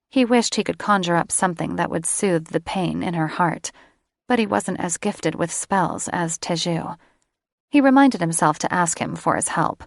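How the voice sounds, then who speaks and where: Low, gravelly woman narrating a romance. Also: moderate pace, no room sound, clean studio sound. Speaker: audiobook narrator. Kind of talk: scripted romance audiobook narration.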